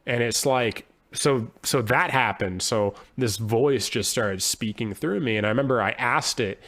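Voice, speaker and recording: A man's voice: on the low side, measured pace, a bit bright. Earnest, searching man thinking aloud. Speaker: podcast guest, poet and musician. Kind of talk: conversational interview.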